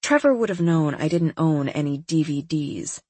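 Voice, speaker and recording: A woman with a husky voice reading a first-person novel in a wry, detached manner. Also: low-pitched, animated, normal speed, dark tone, dry recording. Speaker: audiobook narrator. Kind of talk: scripted first-person narration.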